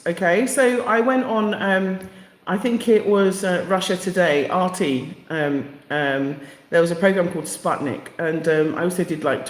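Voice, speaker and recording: A middle-aged woman hosting a casual live stream, effusive and talking straight to her viewers by name. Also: lowish voice. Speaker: livestream host. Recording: echoey room with long reverb.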